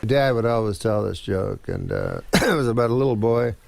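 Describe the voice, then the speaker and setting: A man telling a long, halting comedy story in a deadpan way, full of restarts and folksy old-timey phrasing. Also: fairly low pitch, creaky, over a noisy crowd, very noisy. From Canada.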